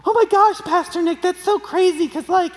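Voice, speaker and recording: A man's voice: extremely high pitch, normal speed, long reverb tail, pitched above the performer's own voice. A man putting on a gushing, overexcited churchgoer. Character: gushing excitable churchgoer defending venting.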